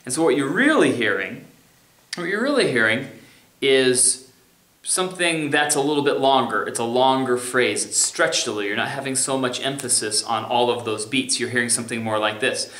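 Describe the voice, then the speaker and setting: A man's voice: mid-range voice, lively intonation, moderate pace, a bit bright. A man teaching music theory in a recorded remote lecture, talking casually and scatting rhythms to show them. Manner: casual, sings and scats rhythms to demonstrate. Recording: echoey room.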